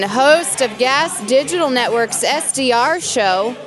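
A female podcast co-host with a somewhat high voice and a wry, teasing manner. She introduces guests and jokes in a loose chat. Music plays clearly under her voice. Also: animated, slow pace.

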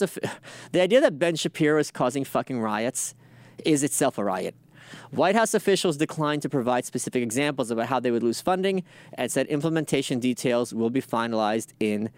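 A man's voice: mid-range voice, no room sound. Sardonic man riffing on news, dry sound. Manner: sardonic, profane, reads headlines then riffs. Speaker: political commentary host. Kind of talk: casual news commentary.

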